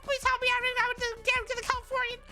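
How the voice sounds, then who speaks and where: A woman putting on the voice of a frantic, burrito-obsessed young man in a dramatic reading, high and strained. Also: monotone, fast talker, bright, forceful tone, soft background music. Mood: pleading. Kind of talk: dramatic reading of an online post.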